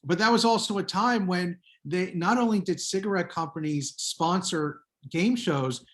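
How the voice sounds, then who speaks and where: A man's voice: high voice, moderate pace, fairly bright tone. Chatty man on a video call. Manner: chatty, anecdotal. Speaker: guest author. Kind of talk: casual Zoom talk.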